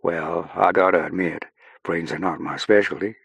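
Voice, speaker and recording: A man's voice: deep voice, fairly even intonation, normal speed, vocal fry, slightly rough, no room sound, exaggerated voice. A man voicing an easygoing airman who is a doctor. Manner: easygoing, shouting over crowd later.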